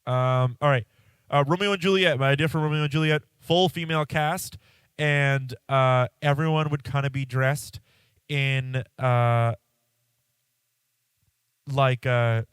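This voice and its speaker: A congested man rambles through a casual solo podcast, breaking off mid-thought and swearing offhandedly. His voice is smooth and resonant, heard close with no room sound. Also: mid-range voice, fairly even intonation, measured pace, pauses often, fairly bright tone, dry recording. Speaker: podcast host.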